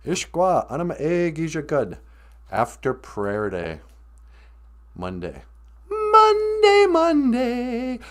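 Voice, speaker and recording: A man's voice: medium pitch, big pitch swings, slow, long pauses. A man from Minnesota, hosting a casual live stream, playfully chatting and chuckling as he greets viewers. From north central Minnesota. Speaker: host.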